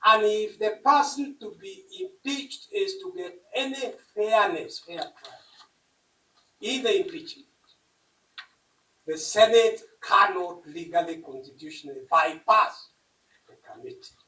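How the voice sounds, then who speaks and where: A man, an advocate making a formal legal submission to a court, with deliberate, emphatic phrasing. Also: high voice, lively intonation, pushed and bright. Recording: echoey room, mic at a distance.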